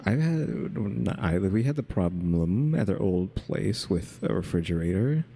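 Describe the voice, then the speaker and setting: Low gravelly guy on a podcast, kinda husky, slow and hesitant while he works things out. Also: big pitch swings, warm tone. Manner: measured, hesitant thinking aloud. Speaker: podcast co-host. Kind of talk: casual chat.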